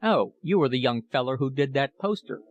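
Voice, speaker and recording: A man voicing a pompous, talkative shop manager with a Cockney accent and a high, metallic voice. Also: expressive, a little fast, dull audio, lightly acted.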